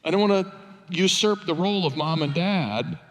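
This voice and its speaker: Older man, pastor, sermon, conversational and wry, slightly high voice, long church reverb. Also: moderate pace. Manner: conversational, wry, self-deprecating storytelling. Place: church sanctuary.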